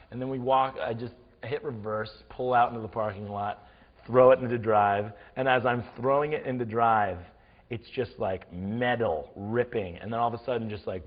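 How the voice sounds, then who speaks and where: A young man in his twenties telling a rambling, animated comic story in a dull lo-fi recording. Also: on the low side, long reverb tail. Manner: rambling, animated, lots of fillers.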